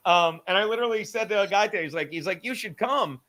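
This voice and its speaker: A man's voice: high-pitched, quick pace. A middle-aged man hosting a casual comedy podcast, ranting and swearing, often laughing at himself. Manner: animated, swearing, argues with self, laughs often. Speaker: podcast host.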